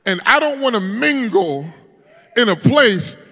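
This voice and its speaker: A man preaching a sermon as a pastor, telling a story and rising into shouted, sing-song climaxes. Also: very high-pitched, very animated, measured pace. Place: church sanctuary. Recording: long hall reverb.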